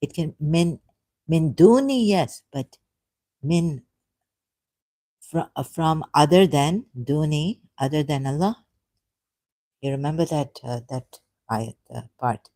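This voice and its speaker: A woman on a live stream, thinking aloud in a halting, hesitant way and correcting herself as she goes. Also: low voice, expressive, mellow, dry recording.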